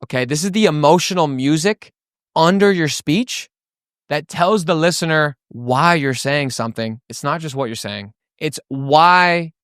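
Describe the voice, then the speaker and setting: A young man coaching sales tonality to camera, animated and acting out the tones he explains. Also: on the high side, a little slow, clear, resonant tone, dry recording, studio quality. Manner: animated, demonstrates tones with his voice. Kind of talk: energetic teaching to camera.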